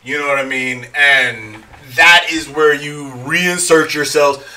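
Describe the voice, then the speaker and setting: A man co-hosting a podcast in relaxed casual chat, with slang and acted-out jokes. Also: a little high, slow, recorded from a distance. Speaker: podcast co-host.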